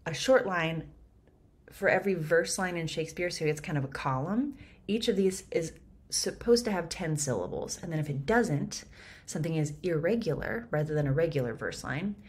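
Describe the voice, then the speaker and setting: A woman and actor explaining a Shakespeare scene line by line, lively and chatty with quick laughs. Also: low voice, breathy edge.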